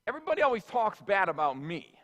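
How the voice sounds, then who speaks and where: A man's voice: high-pitched, very animated, fast talker, fairly bright tone. A man voicing an indignant, self-pitying barnyard pig in a sermon illustration, whining and stammering through its complaints. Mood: aggrieved.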